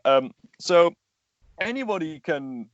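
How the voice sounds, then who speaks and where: A man's voice: on the high side, expressive, takes it slowly, dry recording, muffled recording. A man, a voice actor and animator, talking as a guest in a casual interview, explaining earnestly at length with plenty of fillers.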